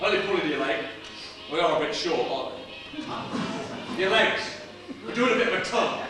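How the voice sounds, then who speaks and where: High-set, expressive and brisk, an actor's voice brings a famous gag-slinging stage comedian to life, complete with a chuckling laugh. The stage play takes place in a small studio theatre, captured from far off with roomy acoustics and music.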